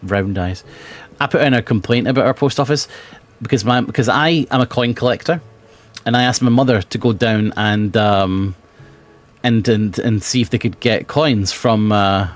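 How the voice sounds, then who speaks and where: A British man streaming a video game, chatting casually and swearing, swinging between muttering and bursts of excitement. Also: lowish voice, normal speed. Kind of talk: casual gameplay chat.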